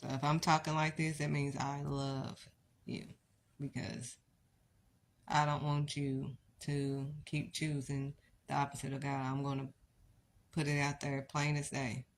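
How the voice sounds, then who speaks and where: Woman preacher, middle-aged, deep voice, blunt live-stream sermon style. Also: level tone, measured pace, slight background noise. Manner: blunt, exhortative, rhetorical questions.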